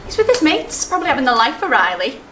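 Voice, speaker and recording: A woman's voice: high voice, sing-song, quick pace, a bit bright. An actress with a Liverpool accent playing a defensive young wife who protests her innocence. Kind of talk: stage play acting. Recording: distant echoey stage with noise.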